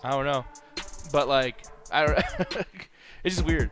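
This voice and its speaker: Young male streamer, casual slangy chat to viewers, touch high, soft music under. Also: slow. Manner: loose, slangy, talks to chat, sing-song greetings. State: throat a bit rough. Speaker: streamer host.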